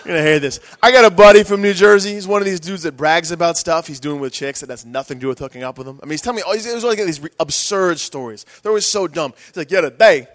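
Fast, rambling male stand-up comic. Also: high voice, a bit bright. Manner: rambling, self-mocking, crude. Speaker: stand-up comedian. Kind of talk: stand-up comedy set. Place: comedy club stage.

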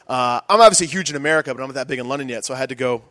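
A man's voice: medium pitch, racing, a bit bright. A young man doing a stand-up comedy set in a club, rambling, self-mocking and crude.

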